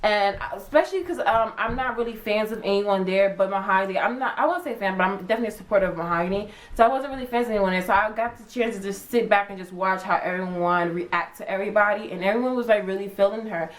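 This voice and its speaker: A young woman vlogger chatting casually, acting out her own reactions with big jumps in pitch. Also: quick pace, few pauses, rough recording. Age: young adult. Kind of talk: casual chat.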